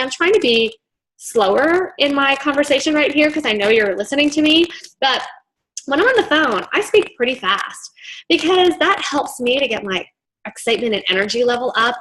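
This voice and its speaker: A woman's voice: on the high side, fairly bright tone, low-quality recording. A woman training new sales staff over a video call, upbeat and chatty, full of "like" and "you know". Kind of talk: training talk. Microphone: video call mic.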